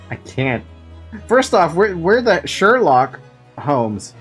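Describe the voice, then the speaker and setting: Giggly, animated game streamer. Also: mid-range voice, slow, slightly rough, faint music behind. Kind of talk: casual let's-play commentary.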